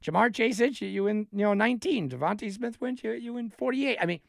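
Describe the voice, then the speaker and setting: A man hosting a sports betting talk, animated and thinking aloud, often restarting his sentences. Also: sits high, fairly quick, vocal fry, no room sound, studio quality. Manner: animated, talks himself through picks with restarts. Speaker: sports betting show host.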